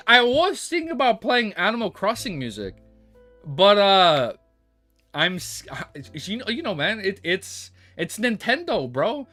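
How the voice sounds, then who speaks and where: A young man with a high, bright and forceful voice chats casually on a livestream while faint music plays behind him. He rambles, swears a lot, and keeps restarting and correcting himself.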